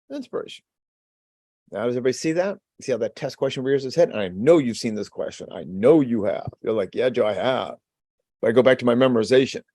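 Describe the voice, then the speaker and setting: A man giving a lively webinar lecture as an exam prep instructor, repeating key phrases and drawing his audience into call-and-response. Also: mid-range voice, no room sound, clean studio sound. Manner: energetic, call-and-response teaching.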